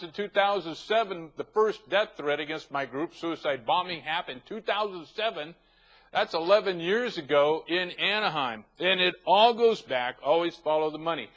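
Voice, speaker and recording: Man, show host, ranting, emphatic, list-heavy, slightly high voice. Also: a bit bright, low-quality recording. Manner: emphatic, ranting, stacks long lists. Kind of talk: opinionated show commentary.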